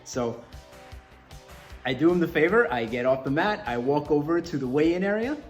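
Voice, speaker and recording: A man from Colombia, an MMA fighter, tells a story in a loose, animated way. His voice sits slightly high, and soft music plays faintly behind him. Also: moderate pace. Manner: animated, lots of fillers and restarts. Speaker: MMA fighter, podcast guest. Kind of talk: casual storytelling.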